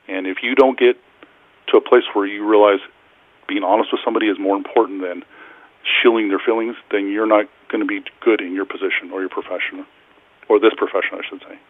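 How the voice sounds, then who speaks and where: Male caller, physician type, calm and authoritative, low voice over a dull phone-call line. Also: no room sound. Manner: measured, authoritative. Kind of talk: call-in commentary. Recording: muffled phone-call audio.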